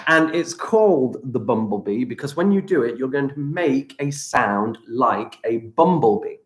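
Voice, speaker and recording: Slow, gentle male teacher in an echoey room. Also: mid-range voice, expressive. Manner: slow, gentle, step-by-step instructions. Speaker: primary school teacher. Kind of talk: guided breathing exercises for children, live stream.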